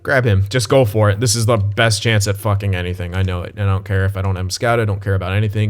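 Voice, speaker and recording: Young guy with a lowish voice mumbling thru his hockey game, cusses, suddenly yelps when something pops up. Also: fairly quick, clear, resonant tone. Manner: thinks aloud, swears, blurts sudden excited outbursts. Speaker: gaming channel host. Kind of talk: casual gameplay commentary.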